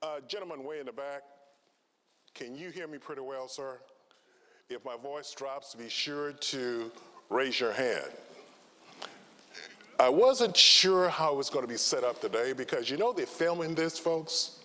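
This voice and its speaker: A man in his sixties, a trial lawyer giving a conference talk and telling stories with dramatic pauses. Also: mid-range voice. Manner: slow, dramatic pauses, lively intonation. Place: large conference hall. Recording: long hall reverb.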